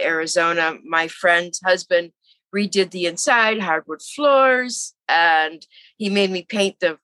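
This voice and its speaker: A woman's voice: fairly low pitch, no room sound. A woman in her seventies, an interview guest telling her story casually and acting out the voices of people she quotes. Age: 70s. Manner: animated, acts out quoted voices.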